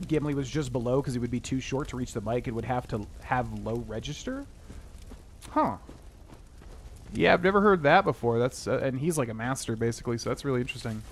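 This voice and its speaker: A man's voice: medium pitch, lively intonation, a little fast, a little hiss or hum. A man casually chatting and rambling while he streams a video game, with plenty of "like" and "um".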